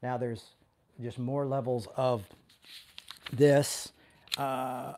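A man's voice: mid-range voice, little pitch movement, drawn-out words, long pauses, a little mellow. A man with a mid-range voice delivers a loose, conversational sermon as a pastor. He speaks with passion, building intensity as he goes. He often restarts his sentences and stumbles over words along the way.

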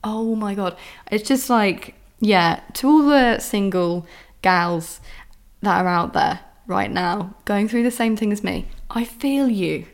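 A woman's voice: medium pitch, slow. A young woman hosting her own podcast, ranting casually about dating and swearing often. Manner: exasperated, swears often, mimics men's voices. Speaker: podcast host. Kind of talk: casual solo podcast rant.

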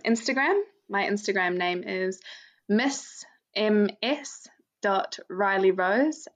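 A woman guest on a podcast, talking in a relaxed, easygoing way and laughing often. Her voice sits at an ordinary middle pitch and comes through a dull, lo-fi remote line. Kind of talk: casual interview chat.

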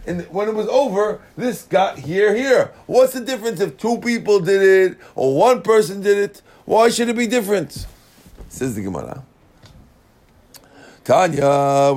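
A man's voice: fairly high pitch, expressive, normal speed, vocal fry, a little mellow. A man teaching a casual Talmud class, mixing Hebrew and Aramaic terms into English and often checking that listeners follow. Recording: class recording.

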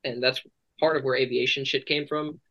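A man's voice: medium pitch, level tone, brisk, highs cut off. A man hosting a podcast, chatting casually in a joking, rambling way with plenty of swearing. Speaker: podcast host. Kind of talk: casual chat.

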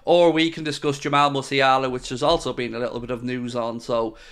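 A man's voice: mid-range voice, steady tone, a little fast, a bit bright, clean tone. A man hosting a casual livestream, talking in a chatty, conversational way with loose restarts. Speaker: podcast host.

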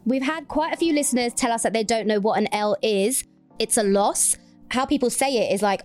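A woman's voice: on the high side, brisk, a little mellow, soft background music. A young woman with a girlish, childlike voice, chatting and giggling as a podcast co-host. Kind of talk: casual chat.

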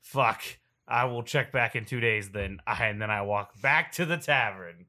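Bright-voiced laughing young man. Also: lowish voice, normal speed. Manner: laughing, swearing, joking. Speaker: player. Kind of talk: casual tabletop game play.

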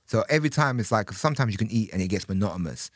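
A young man with a lowish voice that swoops up and down as he talks, recorded close and dry with no room sound. He chats casually, laughs a lot, trails off mid-thought and starts over. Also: very fast, no echo. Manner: animated, laughs often, trails off and restarts. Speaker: podcast guest. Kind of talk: casual chat.

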